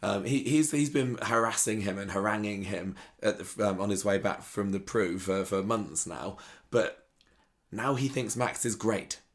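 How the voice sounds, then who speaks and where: A man's voice: on the low side, a little slow. A man co-hosting a casual chat show, wry and chatty. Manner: chatty, wry, full of restarts. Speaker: podcast co-host. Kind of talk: casual chat about a soap opera.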